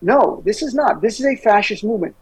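A man's voice: high voice, lively intonation, brisk, breathy edge, dry recording, low-quality recording. A man speaking as a guest on a political talk show, emphatic and urgent, hammering on key words. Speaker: guest commentator.

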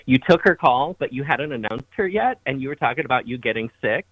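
A man calling in to a radio show, telling a story in a halting way with restarts. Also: medium pitch, animated, dry recording, muffled recording. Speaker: caller. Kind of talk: casual phone call story.

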